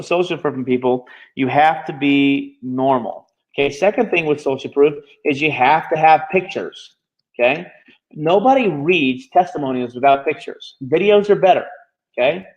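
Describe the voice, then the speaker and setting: A man teaching a live online marketing class, talking quickly and checking in with his students every few phrases. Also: a little high, lo-fi sound. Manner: fast-talking, constantly checking in with "okay?". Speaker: marketing bootcamp instructor.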